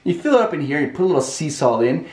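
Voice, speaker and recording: A man hosting a vlog, telling a comedic story in an animated, expressive way. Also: a little high, very fast. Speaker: vlog host. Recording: echoey room.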